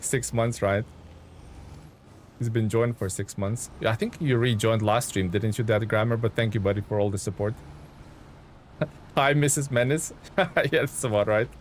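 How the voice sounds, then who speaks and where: A man's voice: medium pitch, a little hiss or hum. A man live-streaming a truck game, chatting to viewers, thanking them and thinking aloud with ums and chuckles. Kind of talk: live gameplay stream commentary.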